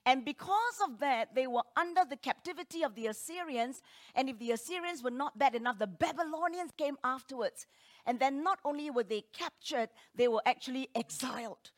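A woman preaching from the pulpit, her voice set a little higher than most. She delivers emphatic declarations and rhetorical questions, then drops to hushed, quiet asides. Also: brisk. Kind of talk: sermon.

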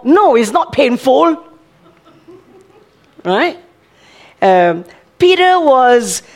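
An older woman, a grandmother, preaching a sermon in a conversational way, often checking with listeners and laughing. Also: a little high.

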